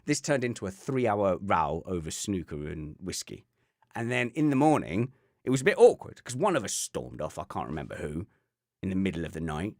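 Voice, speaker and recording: Lively, low-voiced man telling a rambling story. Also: a little fast, no echo, clean studio sound. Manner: rambling, self-interrupting, wry. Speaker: podcast co-host. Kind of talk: casual chat, anecdotal storytelling.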